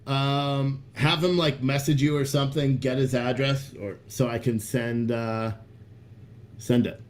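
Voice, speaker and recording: A man hosting a live stream, talking casually to his chat at a middle pitch. His talk is loose and hyped-up, with plenty of swearing. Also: level tone, measured pace. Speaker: livestream host selling coffee.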